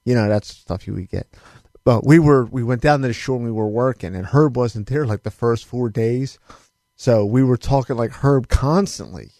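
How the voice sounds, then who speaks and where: A New man spins a workplace story on a podcast, swearing freely and laughing between lines. His voice sits at a middling pitch and sounds dry and close on the mic, with no room around it. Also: moderate pace, gravelly, dark tone, no echo. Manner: profane, laughs through stories. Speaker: podcast co-host. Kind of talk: casual storytelling chat.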